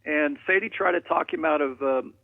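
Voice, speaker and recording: A man's voice: fairly high pitch, normal speed, dry recording. A man calling in to a radio show, telling rambling, jokey stories over a phone line. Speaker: caller.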